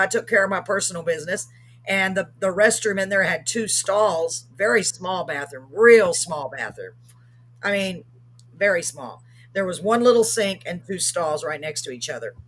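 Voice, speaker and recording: A woman's voice: mid-range voice, a bit bright. A woman hosting a live streamed show, telling a story casually and rambling with many ums and self-corrections.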